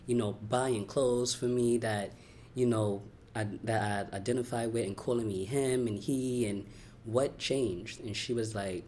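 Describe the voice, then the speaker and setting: A young man from Brooklyn, telling his life story in an interview, candid and heartfelt, talking in quick runs with lots of "you know" and "like.". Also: lowish voice, darkish tone. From Brooklyn, New York. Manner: candid, fast-flowing, heartfelt, many "you know" and "like" fillers. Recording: faint background noise.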